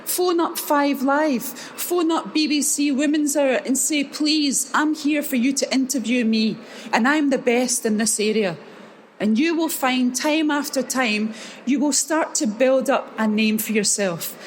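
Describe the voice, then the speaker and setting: A Scottish woman in middle age speaks at a live event, her voice sitting a little high. She tells her stories with energy and acts out the dialogue as she goes. Faint room noise sits behind her. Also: unhurried. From Scotland. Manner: animated storyteller acting out dialogue. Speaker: keynote speaker. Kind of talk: motivational talk with storytelling.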